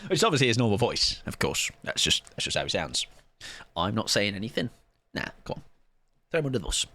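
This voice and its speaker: A man's voice: fairly low pitch, big pitch swings, fast talker, bright, forceful tone. A young man streaming a game live, chatting in a joking, self-mocking, rambling way.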